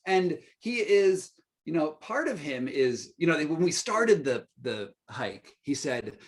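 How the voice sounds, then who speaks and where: A man's voice: on the high side, very animated, takes it slowly. A man telling a story as a podcast guest, casual and profane, with laughing asides. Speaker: guest author.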